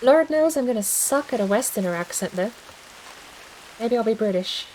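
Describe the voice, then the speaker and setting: A woman's voice: a little high, lively intonation, moderate pace, a little mellow, slight background noise, rough recording. A woman streaming a video game, chatting casually and thinking aloud in a rambling, self-deprecating way. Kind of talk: casual gaming stream chat.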